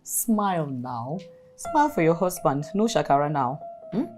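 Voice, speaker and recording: A woman's voice: deep voice, big pitch swings, normal speed, music in the background. An actress with a Nigerian accent playing a pushy, commanding wealthy middle-aged mother.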